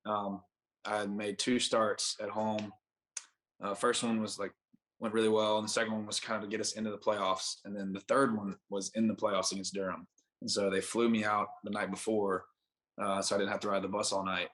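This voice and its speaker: A man's voice: fairly low pitch, flat delivery, brisk, fairly bright tone. A young man sits in as a podcast guest and spins a long, casual story. His delivery is laid-back and rambling, with "like" dropped into almost every sentence as he backtracks and restarts. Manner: rambling, laid-back, heavy use of "like" fillers. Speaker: podcast guest, baseball pitcher.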